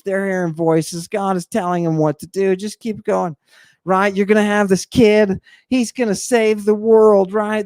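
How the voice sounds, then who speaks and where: A man giving an informal slide lecture in an emphatic, teasing way, pausing for rhetorical questions and asking "right?" again and again. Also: high voice, clear, resonant tone, no echo, studio quality. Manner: teasing, addresses the audience directly.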